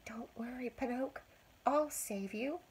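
A woman's voice: a little high, unhurried, a little mellow, husky, exaggerated voice. An older woman voicing a small, caring male cricket in a storybook, speaking earnestly and urgently.

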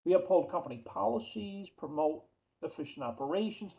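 This accounting lecturer has a New York accent and a voice that sits high yet sounds dark, creaky, and expressive as he talks fairly quickly. Chatty, he repeats key terms and asks the class questions; the recording is dull and lo-fi.

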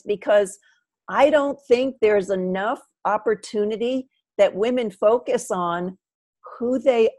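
Affirming woman hosting a podcast. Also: on the high side. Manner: warmly affirming, with frequent "mm-hmm" and "absolutely". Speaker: podcast host. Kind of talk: casual podcast interview.

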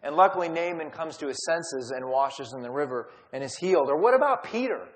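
Man teaching a Bible study, casual storyteller, slightly high voice, long hall reverb. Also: lively intonation, fairly quick. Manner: storytelling, acts out quotes.

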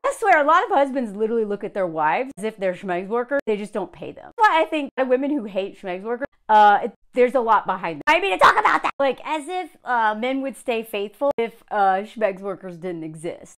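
A woman with a high voice gives sarcastic reaction commentary, breaking into laughter between asides. Her pitch swings widely as she mocks what she reads. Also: sing-song, brisk, few pauses, fairly bright tone. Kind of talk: reaction commentary, reading aloud.

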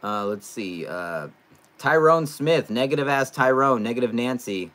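This young man from California, who hosts a sports fan channel, has a mid-range voice and takes his time. During a casual live stream he reads comments in a loose, talkative way that can break into loud excitement.

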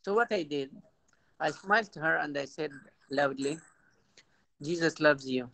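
Gravelly-voiced priest, halting delivery. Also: male voice, a little high, sharp tone, low-quality recording. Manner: halting, repeats words, tells anecdotes. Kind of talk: informal talk to a youth audience.

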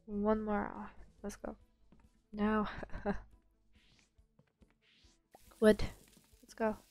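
A woman's voice: mid-range voice, monotone, extremely slow, a little mellow. A young woman gives casual, easygoing commentary as she plays a bakery game. She talks to herself and greets the in-game customers in a chatty way. Faint game music plays behind her voice. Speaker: gaming channel host.

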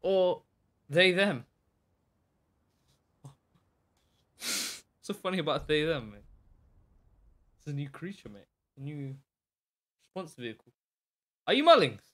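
A young man talks a live audience through his gameplay. His voice sits a little high and sounds bright and forceful. He chats nonstop and bursts into loud yells, his pitch swinging widely. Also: slow, pauses often. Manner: excitable, chatty, bursts into shouts. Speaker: live streamer.

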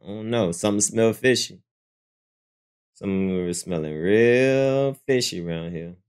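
A man reacting to clips on a live stream in casual commentary, mocking and animated, jumping into high squeals of disbelief. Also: unhurried, clear, resonant tone.

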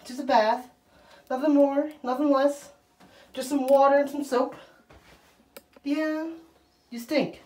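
A woman's voice: on the high side, measured pace, long pauses. A young woman chatting casually in a home vlog and coaxing her dog along. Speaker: vlogger.

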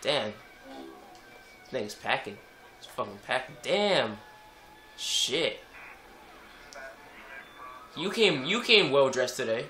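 A young man rambles through gameplay commentary, cursing freely at the game. He talks slowly with a lively, swinging pitch. His voice rings in an echoey room, with loud game music playing behind him. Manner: profane, rambling, frequent swearing at the game.

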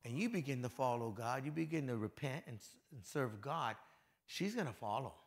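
Man, pastor, sermon, acted-out quotes, quiet to loud swings, church hall. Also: mid-range voice, expressive, moderate pace.

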